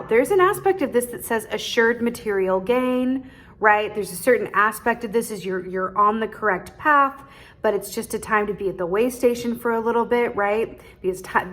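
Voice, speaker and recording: A woman giving a casual tarot reading straight to her viewers, chatty, laughing often and ending many points with "right?". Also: mid-range voice. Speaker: tarot reader.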